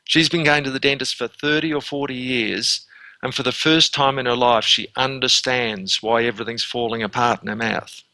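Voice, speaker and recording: Man, 60s, interview guest; bright, forceful tone, dry close sound, lively storyteller who restarts mid-phrase. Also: mid-range voice, moderate pace, dry recording, poor audio. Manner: animated storyteller, acts out scenes, repeats words when restarting. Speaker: dental consultant and lecturer.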